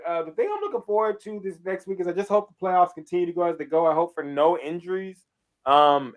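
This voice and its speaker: A man co-hosting a casual sports podcast, animated, with loud outbursts and heavy swearing. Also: a little high. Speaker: podcast co-host.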